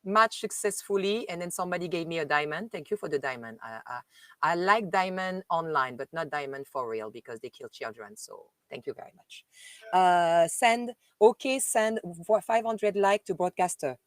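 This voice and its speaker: On a casual live stream, a Parisian woman with a French accent chats fondly with viewers, frequently laughing and calling them "dear." Her voice is on the low side yet a bit bright, animated at a normal speed, with no echo.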